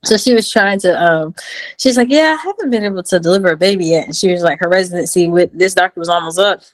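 A woman in her thirties tells her story with lively energy. She jumps up in pitch to act out quotes, then drops back to a casual, chatty voice. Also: fast talker, rough recording. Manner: animated, acts out quotes in a high voice. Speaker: guest.

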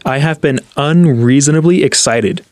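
A man co-hosting a casual podcast chat, telling a story excitedly with halting restarts. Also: fairly high pitch, dry recording. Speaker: podcast co-host.

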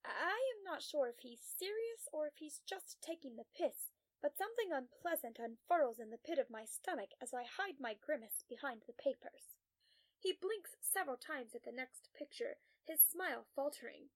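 A woman narrating a first-person story in a crisp, wry, composed way. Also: high voice, animated, moderate pace, no echo.

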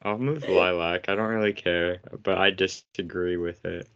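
A man's voice: low-pitched, fairly even intonation, moderate pace, fairly bright tone, clear, resonant tone. A man co-hosting a podcast in casual chat, blunt and teasing. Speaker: podcast co-host. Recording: slightly muffled podcast audio.

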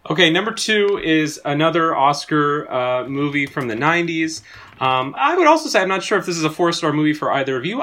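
A man's voice: mid-range voice, pushed and bright. A man co-hosting a casual movie podcast, talking with dry, jokey asides. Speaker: podcast co-host.

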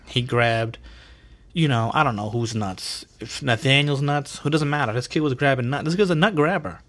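A man hosting a podcast, telling stories in a casual, animated and profane way full of slang. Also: medium pitch, normal speed. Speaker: podcast host. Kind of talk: casual storytelling.

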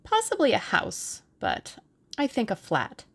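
A woman's voice: mid-range voice, huge pitch swings, unhurried, slightly rough, voice pushed up, full character voice. A woman voicing a playful young Englishwoman in an audiobook, with a lilting, coy delivery. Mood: dreamy. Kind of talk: audiobook character reading.

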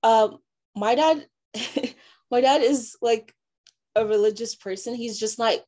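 A young woman from Nigeria, giving a halting personal testimony full of fillers and restarts. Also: a little high, a little mellow. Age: young adult. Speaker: interviewee.

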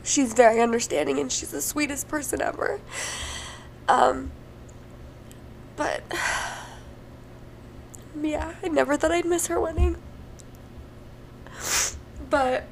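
Young woman, podcast host, tearful, laughing through tears, slow gravelly speech. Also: high-pitched, slight background noise. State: emotional, crying. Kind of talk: casual solo podcast chat.

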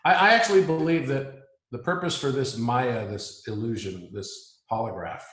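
A man muses aloud in a reflective spiritual chat, earnest and prone to restating his points. His voice sits at an ordinary pitch for a man. The recording carries a noticeable roomy echo. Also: moderate pace, a bit bright. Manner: musing, earnest, circles back to restate points. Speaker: guest.

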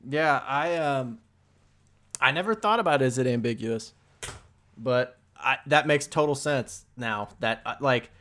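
A man's voice: medium pitch, a little slow, fairly bright tone. A young man co-hosting a casual film podcast, hesitant and restarting his sentences, with a teasing streak. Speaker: podcast co-host.

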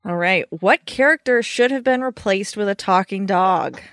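A woman's voice: medium pitch, moderate pace, fairly bright tone, no room sound, clean studio sound. A woman guesting on a film podcast, making wry joking asides in casual chat.

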